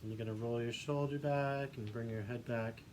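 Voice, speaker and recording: A male voice teacher calmly guiding a singing warmup, giving encouraging instructions. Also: medium pitch, normal speed. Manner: demonstrates hums and vocal sounds. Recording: faint background noise.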